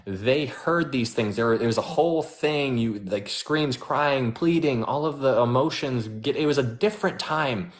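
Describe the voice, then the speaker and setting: A man giving a casual, animated Bible teaching as host, chatty and full of restarts. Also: medium pitch, measured pace, few pauses.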